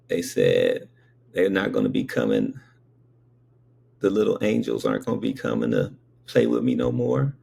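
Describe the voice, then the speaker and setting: Low gravelly man, slow and meandering. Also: darkish tone. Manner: meandering, conversational, many asides to the listener. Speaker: storyteller. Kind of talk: casual spoken recollection.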